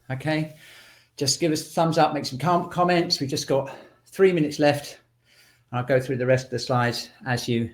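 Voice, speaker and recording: A man teaching a self-shiatsu class over a video call, calmly guiding stretches and breaths. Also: medium pitch. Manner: calm instructor, counting breaths.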